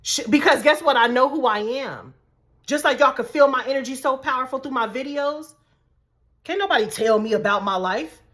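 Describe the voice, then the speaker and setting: A woman's voice: sits high, normal speed, a bit bright. A woman life coach giving a casual, emphatic motivational talk to her viewers, repeating key points. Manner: casual slangy speech.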